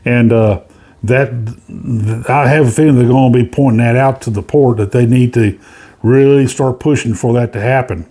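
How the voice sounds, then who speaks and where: A man's voice: mid-range voice, moderate pace, warm tone. A man hosting casual cruise news commentary, rambling with many fillers and restarts.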